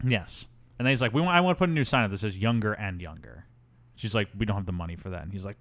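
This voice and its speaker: A man co-hosting a podcast, recapping a movie in casual, deadpan chat with mocking asides. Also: lowish voice, racing. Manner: wry, deadpan, does mocking impressions. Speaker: podcast co-host.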